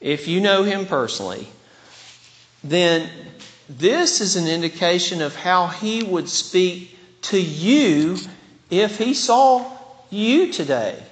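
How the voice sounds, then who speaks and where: A man preaching a sermon at an unhurried, deliberate pace, his voice sitting a little high for a man. He is earnest and often restarts his words. A long reverb trails each phrase, as if he is in a large church hall. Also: lively intonation. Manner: earnest, with frequent word restarts. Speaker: pastor.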